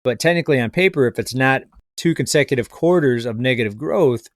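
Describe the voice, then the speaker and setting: Brief: male finance commentator, mid-pitched, skeptical and rambling, close dry mic. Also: expressive, fairly quick, no echo. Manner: skeptical, rambling, addresses viewers as folks. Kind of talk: casual video commentary.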